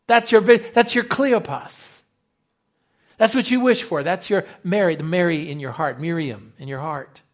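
Male pastor, slightly high voice, lively sermon delivery that acts out quotes. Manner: animated preaching, acts out quoted dialogue.

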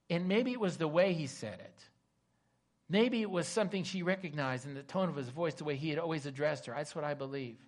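A preacher man with a fairly high voice delivers a sermon and retells a scripture story with drama. He moves between loud emphasis and soft, hushed asides. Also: fairly quick. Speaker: pastor.

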